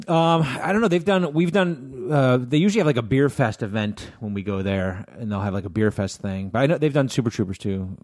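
A man co-hosting a podcast in casual chat, jokey and quick to riff. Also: mid-range voice, animated, darkish tone. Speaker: podcast co-host.

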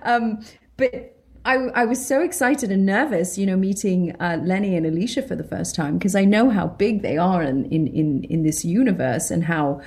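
A British woman, an actress, chatting in an interview, animated and laughing often as she acts out her own reactions. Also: on the low side, moderate pace. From Britain. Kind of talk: casual interview chat.

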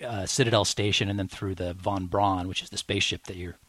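A man's voice: deep voice, fairly even intonation, fairly quick, fairly bright tone, breathy edge, no room sound. A man co-hosting a podcast, chatting eagerly and rambling with lots of fillers and restarts. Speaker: podcast co-host. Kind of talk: casual chat.

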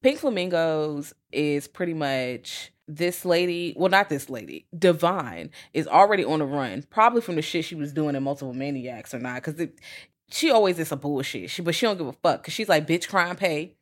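A woman with a notably low voice co-hosts a podcast, talking about films in casual chat. She is profane and lively, and she often slips into acting out quotes. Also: normal speed. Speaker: podcast co-host.

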